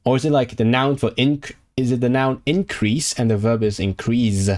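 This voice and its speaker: A man's voice: medium pitch, fairly even intonation, brisk, a little mellow. A man from Hong Kong chatting casually on a live stream while he works through language flashcards, thinking aloud with lots of fillers and restarts. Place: indoors at his computer.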